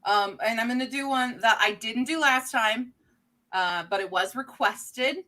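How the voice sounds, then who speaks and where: A woman's voice: on the high side, measured pace, sharp tone. A woman author chatting playfully over a video call at a karaoke meetup, joking around and trying out silly accents. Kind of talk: casual group video chat.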